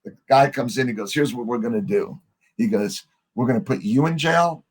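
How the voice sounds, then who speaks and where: A middle-aged man, a podcast guest, telling a story in a lively way, acting out the lines of the people in it and swearing casually. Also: medium pitch, moderate pace, breathy edge. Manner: animated storyteller, acts out quoted dialogue, swears casually.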